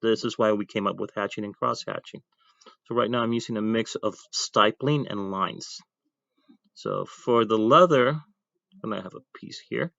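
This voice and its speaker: Art teacher, male, low voice, casual drawing demo, dry muffled recording. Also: moderate pace, gravelly, fairly bright tone, dry recording. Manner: talks while drawing, thinking aloud, chatty asides.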